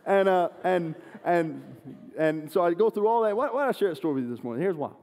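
A man preaching a sermon, an animated, self-deprecating storyteller. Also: sits high, fast. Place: church sanctuary. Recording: long church hall reverb.

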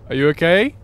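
A man's voice: fairly high pitch, sharp tone. Rambling male streamer. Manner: rambling, restarts often. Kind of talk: casual gaming chat. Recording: faint background noise.

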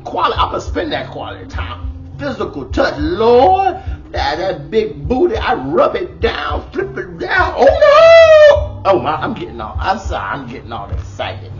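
A man's voice: a little high, wildly swooping pitch, moderate pace, lo-fi sound, music in the background. A middle-aged man, doing a comedic monologue of relationship advice, exclaiming and hamming it up in a bold persona.

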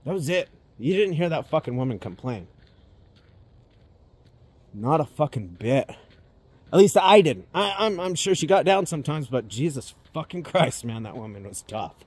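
Husky, blunt, profane man. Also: fairly high pitch, expressive, normal speed, darkish tone. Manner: blunt and profane, with sudden emphatic swells. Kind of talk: personal monologue.

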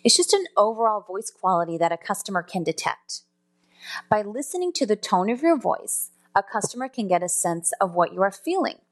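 A woman's voice: mid-range voice, very animated, brisk. Woman explaining vocal skills in a lesson. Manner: explanatory, self-correcting, demonstrates tones aloud. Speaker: customer service trainer. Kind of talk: spoken lesson.

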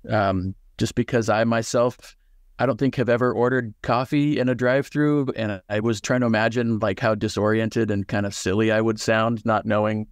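On a video call, an author appearing as a guest reflects thoughtfully on his writing and reads from it, with many fillers and restarts. His voice is on the low side with fairly even intonation at normal speed, recorded at studio quality with no echo.

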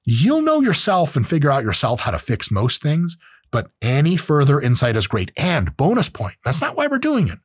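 A man's voice: fairly high pitch, huge pitch swings, normal speed, breathy edge, no room sound, clean studio sound. A man hosting a show, giving advice in a casual, profane, joking monologue. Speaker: podcast host.

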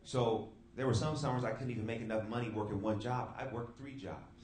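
A man's voice: medium pitch, fairly even intonation, brisk, a little mellow. A young adult man from the Bay Area preaching a sermon, telling a personal story with asides to the crowd at a live event. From San Francisco Bay Area. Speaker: youth speaker. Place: church hall, live event. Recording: roomy live room with background noise.

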